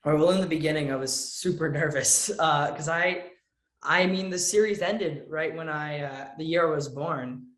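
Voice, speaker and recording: A teenage boy talks with earnest, lively energy. His voice sits a little high for a male speaker, and the room around him has a noticeable echo. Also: moderate pace. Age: teens. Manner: earnest, lively, acts out quotes with a raised voice. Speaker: young actor, interview guest. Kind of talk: casual interview answers.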